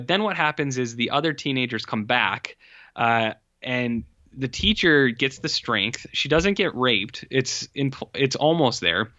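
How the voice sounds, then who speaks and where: A man's voice: mid-range voice, pushed and bright, dry recording, dull audio. A man co-hosting a podcast, casually recapping a film in a rambling way, full of likes and uhs. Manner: rambling, filler-heavy storytelling. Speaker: podcast co-host. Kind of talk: casual movie recap chat.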